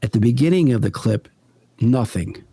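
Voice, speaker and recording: Mellow-voiced man telling earnest stories. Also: medium pitch, lively intonation, gravelly, breathy edge, no echo. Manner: earnest, deliberate, builds stories step by step. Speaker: podcast guest, paranormal investigator. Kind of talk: conversational storytelling in an interview.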